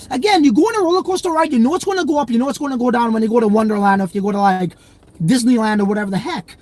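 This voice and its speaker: A man's voice: very high-pitched, very fast, a little mellow. A young man hosting a crypto livestream, chatting loosely in slang and reading viewer comments. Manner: slangy, loose and rambling, many fillers.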